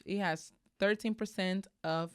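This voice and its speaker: A woman's voice: medium pitch, steady tone, unhurried, smooth, no room sound. A woman in her thirties hosting a casual talk show, bubbly and chatty, calling her guest "girl". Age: 30s. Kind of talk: casual chat.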